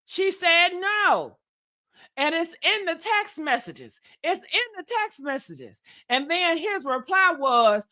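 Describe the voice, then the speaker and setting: Brief: high, bright woman host, dramatic sassy gossip, laughs a lot. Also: very animated, takes it slowly. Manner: sassy, dramatic, laughs often, addresses viewers as honey and y'all. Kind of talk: casual gossip commentary.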